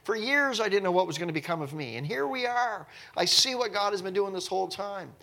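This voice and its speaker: A man's voice: a little high, sing-song, measured pace, creaky, a bit bright, voice pushed up, exaggerated voice. A man voicing a grown man overcome with joy at seeing his brother again, in a breathless, tearful rush. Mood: overjoyed.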